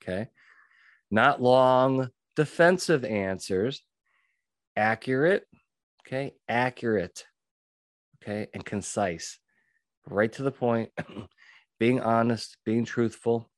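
A man hosting a solo podcast, talking emphatically, repeating key phrases and often clearing his throat. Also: mid-range voice, takes it slowly, long pauses, no room sound, clean studio sound. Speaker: podcast host and witness trainer.

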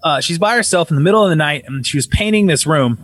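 Animated man telling a creepy story. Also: a little high, quick pace. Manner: animated, swearing, acts out voices in his story. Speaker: caller telling a ghost story. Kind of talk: casual storytelling on a call.

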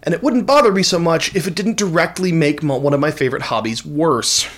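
A man's voice: fairly high pitch, brisk. A man co-hosting a podcast in a casual, joking chat, often restarting his sentences. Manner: animated, joking, with many restarts. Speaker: podcast co-host.

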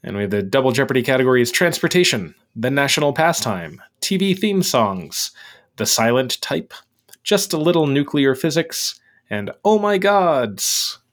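A man chatting casually on a podcast as he recaps a quiz show episode. His voice sits at an ordinary middle pitch, and his delivery is relaxed and curious. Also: moderate pace. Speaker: podcast co-host.

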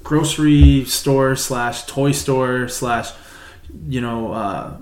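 A man's voice: mid-range voice, drawn-out words, a little mellow, reverberant, slight background noise. A man co-hosting a podcast in casual chat, telling a story, swearing freely and laughing as he goes. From Canada. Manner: swears freely, laughs through his stories. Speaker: podcast co-host.

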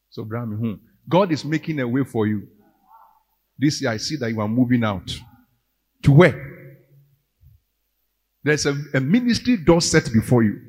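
A man with a Ghanaian accent preaching a sermon, moving between English and Twi and rising to loud, emphatic calls. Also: mid-range voice, breathy edge, in a large hall. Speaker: pastor.

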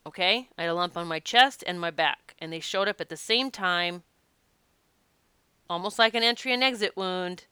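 A woman who works as a past life regression practitioner, talking casually to her audience and telling stories in an animated, emphatic way. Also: lowish voice, normal speed, clean tone, no room sound. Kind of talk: casual spoken talk to an audience.

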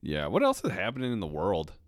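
A young man with a somewhat low voice trades crude, profanity-laced banter in a deadpan, teasing way. The recording is dry and close, with no room sound. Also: quick pace, no room sound. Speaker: podcast co-host. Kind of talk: crude casual chat.

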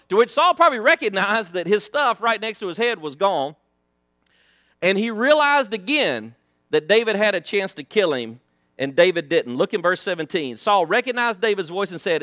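A man leads a Sunday school Bible lesson in a playful, joking way, tossing slangy asides between the verses. His voice sits high and bright, and his pitch swings widely as he talks. The sound is close and dry. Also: sing-song, moderate pace, dry recording.

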